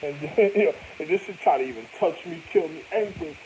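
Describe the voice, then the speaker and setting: A man's voice: a little high, quick pace, darkish tone, a little hiss or hum, low-quality recording. A man in a rambling, profane monologue that jumps from topic to topic.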